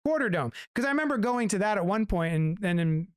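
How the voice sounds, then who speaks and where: A man's voice: high voice, lively intonation, quick pace, clear, resonant tone, dry recording, clean studio sound. A man from the Philadelphia area co-hosting a podcast, chiming in with wry, teasing remarks. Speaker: podcast co-host. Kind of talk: casual chat.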